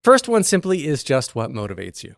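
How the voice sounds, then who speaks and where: A man hosting a theatre podcast, playful and quick with quips while he asks his set questions. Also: medium pitch, wildly swooping pitch, gravelly, no echo, studio quality. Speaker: podcast host. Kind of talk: casual interview.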